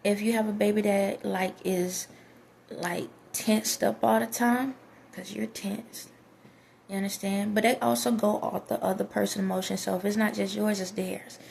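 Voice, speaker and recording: A woman's voice: mid-range voice, level tone, normal speed, creaky, darkish tone, slight background noise. A woman vlogger giving casual spiritual advice to her viewers, emphatic and preachy, often repeating herself.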